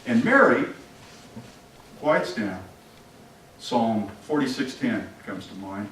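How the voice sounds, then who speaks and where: A man's voice: medium pitch, slow, a little hiss or hum. A man preaching an interactive sermon, asking the congregation questions and acting out scenes. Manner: animated, asks the congregation questions and acts out scenes. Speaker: pastor. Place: church sanctuary. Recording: echoey church from a distant mic.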